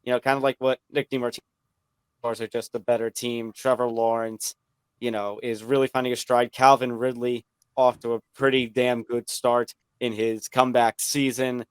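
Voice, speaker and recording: A man on a sports podcast panel, giving picks in relaxed casual talk. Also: mid-range voice, moderate pace, clean tone, dry recording.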